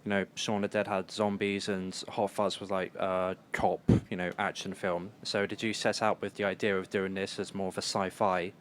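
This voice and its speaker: A man's voice: low-pitched, level tone, normal speed, hardly any pauses, slight background noise. A man in the audience asking a question, hesitant and full of fillers. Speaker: audience member.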